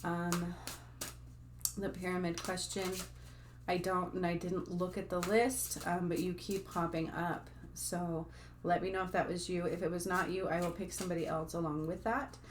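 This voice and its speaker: A woman's voice: on the low side, flat delivery, moderate pace, slight background noise. A woman talking casually to her viewers as a spiritual healer, rambling and full of fillers. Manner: chatty, rambling, with frequent fillers and asides to viewers. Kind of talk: casual talk to camera.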